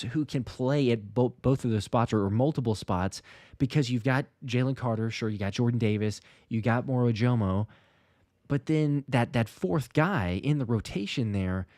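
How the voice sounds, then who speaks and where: A man hosting a casual livestream chat, talking in a halting way that repeats words and often restarts. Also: medium pitch, a little mellow, no echo, clean studio sound. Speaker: show host.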